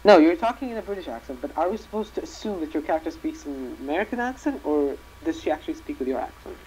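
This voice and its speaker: A man's voice: on the high side, animated, quick pace, darkish tone, husky, low-quality recording. A man chatting as a player in an online tabletop role-playing game, rambling and hesitant with many restarts, over a voice-chat microphone. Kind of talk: casual chat during an online live game.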